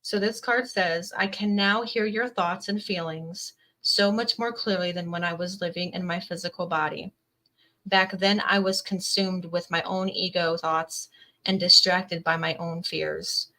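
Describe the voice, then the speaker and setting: A woman gives an earnest, emotional tarot reading to camera, reading the card messages aloud and peppering her talk with "definitely" and "like". Her fairly low voice is bright and forceful, fairly even in intonation and measured in pace, on a low-quality recording.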